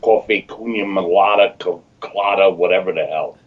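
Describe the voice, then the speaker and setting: A man's voice: low-pitched, moderate pace, husky. A man calling in to a livestream, easygoing and laid-back in his chat. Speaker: caller, fellow streamer. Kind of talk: casual call-in chat. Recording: muffled call audio.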